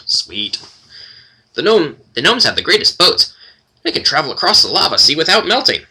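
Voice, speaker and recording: Husky, bright-voiced man narrating a game. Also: fairly high pitch, big pitch swings, moderate pace. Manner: reads game text aloud with wry, playful asides. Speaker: let's play host.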